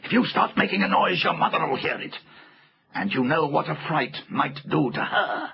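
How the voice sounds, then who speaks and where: Scheming old uncle read by a man, very husky and lively, silky and sly; muffled audiobook with faint music. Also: on the high side, normal speed, pitched above the performer's own voice, full character voice. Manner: silky, wheedling, with chuckles. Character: sly, scheming elderly uncle, oily and secretive.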